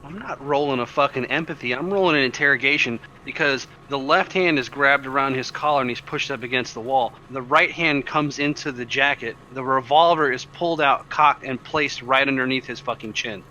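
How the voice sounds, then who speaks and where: A man's voice: medium pitch, brisk, few pauses, pushed and bright, a little hiss or hum, rough recording. A man playing a tabletop game, bluntly describing his character's actions. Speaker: player. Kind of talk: casual tabletop play.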